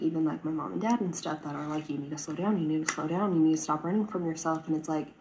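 Twenty-something woman vlogging, low voice, pretty flat delivery, talks in long earnest run-ons. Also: rough recording. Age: 20s. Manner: earnest, rambling, frequent "like" and "right?". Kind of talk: personal vlog talk.

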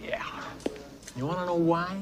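A man's voice: high-pitched, unhurried, noisy background. An actor playing an indignant middle-aged man in a film scene, ranting sarcastically about being overcharged. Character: furious middle-aged man ranting over hot dog buns. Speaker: film character.

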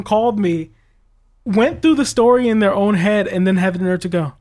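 A man's voice: sits high, moderate pace, a little mellow. A young man who works school tech support, chatting casually and telling exasperated stories about callers. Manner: exasperated storytelling, quotes callers in mocking voices. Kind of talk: casual podcast chat.

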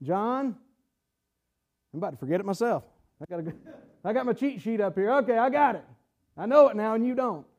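A man preaches a sermon in church. His voice sits very high for a man. He drawls and stretches his words, then fires questions out at the congregation. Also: expressive, brisk, pauses often, a little mellow, lo-fi sound. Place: church sanctuary.

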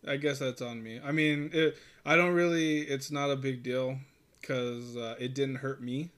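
A man's voice: mid-range voice, steady tone, a little slow, a bit bright. Rambling, profane male storyteller. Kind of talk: casual chat.

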